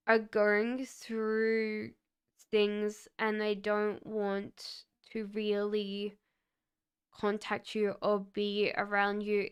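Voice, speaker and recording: A woman giving tarot readings on a live stream, talking gently and reassuringly with frequent fillers. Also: a little high, smooth. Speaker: tarot reader.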